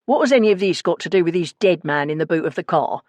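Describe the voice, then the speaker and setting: A man's voice: on the high side, lively intonation, fast talker, a little mellow, dry recording, natural voice. A woman doing a brusque theatre man. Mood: gruff. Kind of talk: audiobook character reading.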